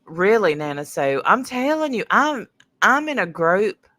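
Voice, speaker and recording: A woman's voice: medium pitch, big pitch swings, measured pace, sharp tone, no echo. A middle-aged woman hosting a casual livestream, sniffly from her sinuses, rambling as she greets viewers by name between stories. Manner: rambling, chatty, greets viewers mid-sentence. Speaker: livestream host.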